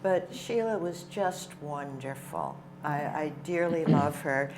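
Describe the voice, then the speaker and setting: An older woman guesting on a community TV show, chatting in a lively, enthusiastic way. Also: sits low, slow pace, slight background noise. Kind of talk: casual chat. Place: television studio.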